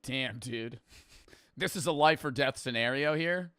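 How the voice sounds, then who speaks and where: Young dude streamer reacting, bright voice, excitable and cussing, dry mic. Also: male voice, medium pitch, measured pace, clean tone, no echo. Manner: excitable, profane, rambling banter. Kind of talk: casual reaction commentary.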